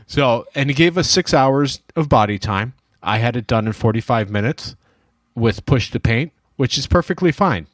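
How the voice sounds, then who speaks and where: A man's voice: medium pitch, animated, normal speed, no room sound, studio quality. A man who runs a dent repair shop, telling a story in casual shop talk and acting out the dialogue. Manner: storytelling, acts out quoted dialogue. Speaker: dent repair shop owner, show host.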